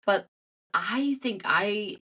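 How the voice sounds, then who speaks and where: A woman's voice: mid-range voice, very slow, sharp tone, breathy edge. A woman in her thirties, a guest author in casual podcast chat, telling stories with lots of fillers. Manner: chatty, filler-heavy storytelling.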